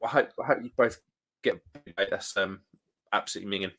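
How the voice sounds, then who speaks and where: A man's voice: lowish voice, quick pace, fairly bright tone, breathy edge. A man co-hosting a casual pub live stream, reading out viewer comments and laughing often. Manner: laughs often, reads comments aloud in a bouncy voice.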